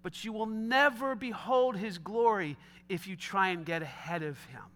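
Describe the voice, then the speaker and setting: Guy preaching a sermon, super bright sharp tone, chatty slangy asides then dropping real quiet. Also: sits high, moderate pace. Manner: dramatic, swinging between loud pleading and hushed quiet; conversational asides with casual slang. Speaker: pastor.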